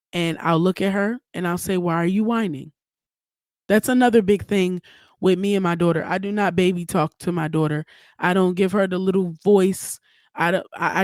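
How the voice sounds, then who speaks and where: A woman's voice: fairly low pitch, no echo. A young woman hosting her own podcast, talking alone in a candid, emphatic way and swearing freely. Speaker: podcast host. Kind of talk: solo podcast monologue.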